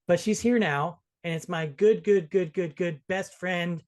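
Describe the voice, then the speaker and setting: A man hosting a casual movie review podcast, joking and talking in quick bursts with restarts. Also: high-pitched, a little mellow. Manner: jokey, quick, restarts often. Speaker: podcast host.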